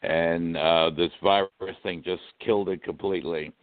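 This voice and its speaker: A man on a call-in show, easygoing and quick to laugh while chatting. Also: deep voice, fairly even intonation, no echo. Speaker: call screener. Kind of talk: casual call-in chat. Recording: phone-like narrow band.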